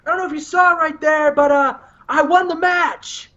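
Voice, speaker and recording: A man doing a loud, fired-up wrestler. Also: very high-pitched, steady tone, moderate pace, dull audio, pitched above the performer's own voice. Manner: yelling challenges. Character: shouting wrestler, adult man, fired-up and boastful.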